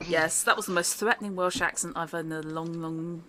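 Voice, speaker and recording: A woman's voice: fairly low pitch, fairly even intonation, a little fast, bright, forceful tone, slight background noise. A woman running a tabletop horror game as game master, chatty and informal, laughing often, over a video call.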